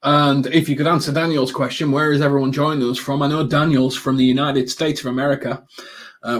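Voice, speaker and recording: A man hosting a live football watchalong, chatting casually with viewers in a rambling way, full of ums and quick excited bursts at the action. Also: mid-range voice.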